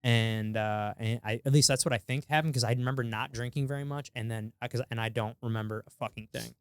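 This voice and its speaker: A man's voice: mid-range voice, steady tone, fast, clear, resonant tone, dry recording, studio quality. A man co-hosting a podcast, chatting casually and hesitantly, often restarting his sentences, on a podcast mic. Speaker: podcast co-host. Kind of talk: casual chat.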